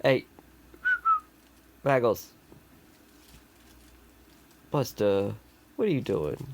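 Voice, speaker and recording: Guy baby-talking his pets at home, slow and gravelly, voice jumping way up and down. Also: very animated, mellow, a little hiss or hum. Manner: coos in sing-song baby talk, swooping high. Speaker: pet owner.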